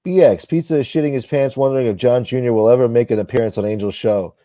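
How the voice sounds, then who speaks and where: A man's voice: medium pitch, fast talker, warm tone, no room sound, muffled recording. A man hosting a casual livestream, reading viewer comments in a blunt, profane, rambling way. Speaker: livestream host.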